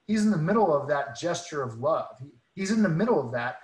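Earnest male speaker, higher voice, chatty testimony full of restarts, in a roomy space. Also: lively intonation, fairly quick, a little mellow. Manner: earnest, many restarts and repeated words. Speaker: guest speaker. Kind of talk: casual faith storytelling.

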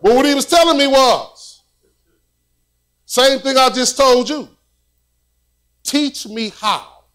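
High-voiced man preaching conversationally. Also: slow, a bit bright. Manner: conversational preaching with repetitions and storytelling. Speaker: pastor. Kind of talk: sermon.

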